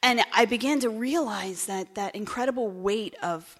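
A woman with a New Jersey accent candidly telling her recovery story, wry, moving between hushed and animated. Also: mid-range voice, normal speed. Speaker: speaker sharing her story. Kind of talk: personal recovery talk. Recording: echoey hall.

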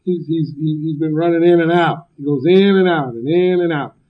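Brief: blunt, emphatic man, slightly high voice, giving a recovery talk; loud, joking; dull lo-fi recording. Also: moderate pace. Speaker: speaker at a recovery meeting.

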